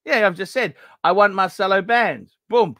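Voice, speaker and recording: A man's voice: sits high, moderate pace, fairly bright tone, no echo, clean studio sound. Blunt fifty-something man hosting a livestream. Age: 50s. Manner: blunt, profane, talks over others. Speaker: livestream host. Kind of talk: casual livestream chat.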